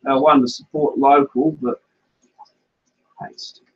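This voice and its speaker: Chatty man with a husky voice. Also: medium pitch, flat delivery, takes it slowly. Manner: chatty, thinks aloud while reading comments. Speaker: live stream host. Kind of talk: casual live-stream chat. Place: home fish room. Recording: dull lo-fi stream audio.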